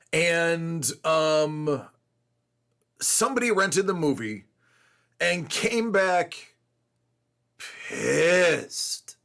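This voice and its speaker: A man's voice: on the high side, a bit bright. A man in his forties, host of a collecting show, telling a rambling story in casual chat with lots of fillers.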